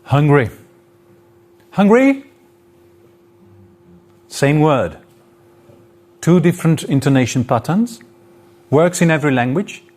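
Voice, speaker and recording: A man's voice: on the high side, moderate pace, long pauses, a little mellow. A man lecturing to an audience in a hall, explaining his points with spoken examples and shifts in intonation. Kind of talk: live lecture.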